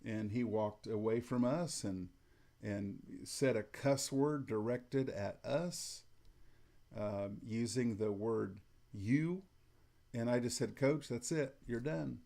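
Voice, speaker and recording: A middle-aged man giving calm, matter-of-fact advice to umpires, acting out what to say to coaches in a flat, even tone. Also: fairly low pitch, slow pace. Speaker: umpire instructor. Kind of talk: instructional talk to umpires.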